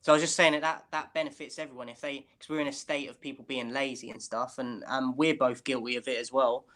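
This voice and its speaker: A man's voice: mid-range voice, steady tone, quick pace, a bit bright. A British man co-hosting a casual chat over a video call, rambling and asking "do you know what I mean". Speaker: podcast co-host.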